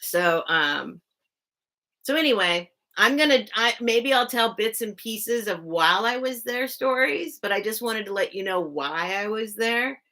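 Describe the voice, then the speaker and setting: Woman, live stream host, casual storytelling, chatty, lots of fillers, bright crisp tone. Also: a little high, expressive, unhurried. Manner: chatty, heavy use of "like" fillers, greets chat viewers.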